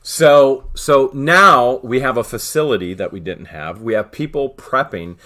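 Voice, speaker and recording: A man tells a story in an easy, chatty way. His pitch rises and falls a great deal, and he slips into the voices of the people he quotes. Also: unhurried. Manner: animated, acts out quoted voices. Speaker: channel host. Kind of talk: casual storytelling chat.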